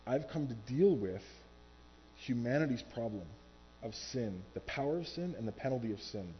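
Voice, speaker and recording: A man preaching a sermon from a church stage, animated and acting out quoted voices. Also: mid-range voice, normal speed, muffled recording, faint music behind. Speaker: pastor.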